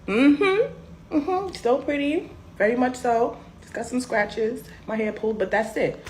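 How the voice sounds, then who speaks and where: A young woman telling a personal story in a casual, animated, sassy way. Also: fairly high pitch, unhurried, slight background noise. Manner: animated, sassy, emphatic swings.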